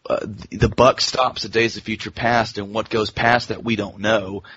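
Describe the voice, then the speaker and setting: A man with a husky voice chatting casually on a podcast, quick and joking. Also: lowish voice, little pitch movement, background noise. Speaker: podcast co-host. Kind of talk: casual chat. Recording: dull lo-fi sound.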